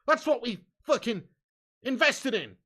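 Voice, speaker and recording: A high-pitched man hosting a live match watch-along, his tone sharp and bright. He curses freely and lurches between muttered grumbles and loud, excited shouts. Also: a little slow. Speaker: fan watch-along host.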